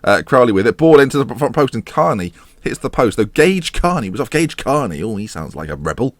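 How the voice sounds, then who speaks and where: A man's voice: medium pitch, big pitch swings, moderate pace. A man giving casual, sarcastic let's-play commentary, slipping into mock match-commentator patter. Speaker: gaming YouTuber.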